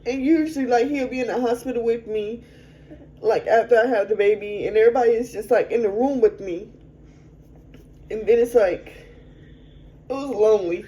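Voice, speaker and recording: A woman's voice: a little high, mellow, poor audio. A young adult woman telling a personal story frankly as an interview guest, in a conversational way. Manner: frank, conversational, quick to vent.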